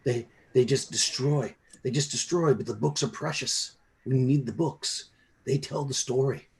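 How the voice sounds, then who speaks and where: A desperate, half-mad scholar, put on by a man running a tabletop game. The voice is pushed well above his usual pitch, with a gravelly edge. He stammers and repeats himself. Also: moderate pace, darkish tone, natural voice. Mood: frantic. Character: ragged, frantic older male scholar, half mad.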